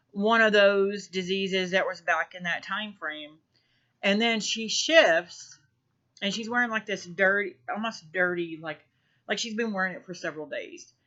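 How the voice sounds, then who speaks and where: A woman telling a personal story in a halting way, with many ums and restarts. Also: medium pitch, bright, forceful tone. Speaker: spiritual vlogger. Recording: dull lo-fi recording.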